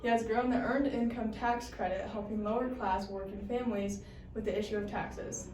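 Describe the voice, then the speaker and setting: A woman in the role of a reporter, reading a scripted news report in a steady voice. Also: mid-range voice, moderate pace. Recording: echoey room, mic far off, faint hiss.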